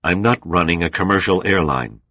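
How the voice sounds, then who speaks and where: A worn-out male pilot, curt and defensive, read by a deep-voiced male narrator. The voice is pushed a little higher and harder than the narration. The recording is dry and close. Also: brisk, bright, forceful tone, dry recording.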